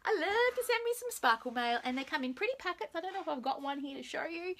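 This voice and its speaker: Woman Australian live-stream host, bright and sparkly voice, lively and bouncy in pitch, chatty with viewers. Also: quick pace, few pauses, a little hiss or hum. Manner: bubbly, chatty, greets viewers by name.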